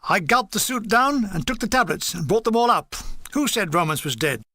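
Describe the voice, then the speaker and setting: A man's voice: sits high, animated, normal speed, pushed and bright, dry recording. A man reading a comic wartime memoir aloud, with dry timing and voices for the dialogue. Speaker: audiobook reader.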